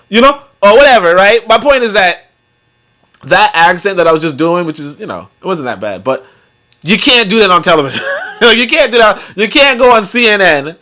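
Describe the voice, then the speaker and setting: Bright-voiced man in rambling commentary. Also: high-pitched, big pitch swings, fairly quick. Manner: rambling, profane, heavy on fillers. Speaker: podcast host. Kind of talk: casual commentary.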